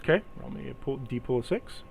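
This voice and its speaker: A man's voice: medium pitch, lively intonation, fast, gravelly, very noisy. A man acting as game master, explaining the rules of a tabletop role-playing game patiently and step by step.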